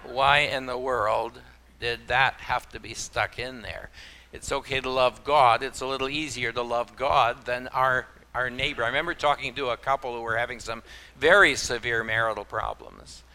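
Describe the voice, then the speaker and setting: A man's voice: mid-range voice, fairly even intonation, normal speed, sharp tone. A man preaching a sermon, folksy, with homespun exclamations and acted-out little anecdotes. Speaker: pastor.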